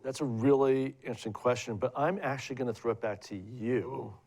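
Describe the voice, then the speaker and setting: A man's voice: medium pitch, steady tone, brisk, a little mellow. A middle-aged man telling digressive career stories as a guest at a live student event, with many fillers and restarts. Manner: rambling, digressive anecdotal storytelling with many restarts. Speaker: guest filmmaker. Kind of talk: on-stage career conversation.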